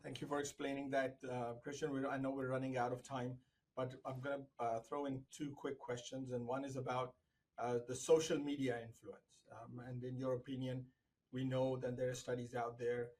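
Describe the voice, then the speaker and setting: A man hosting an interview puts his questions in a measured way, pausing on "uh" and "um." His voice stays at a middle pitch. It moves very little and sounds quite level. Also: flat delivery, a little mellow, poor audio. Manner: measured questions with frequent fillers. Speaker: podcast host and interviewer.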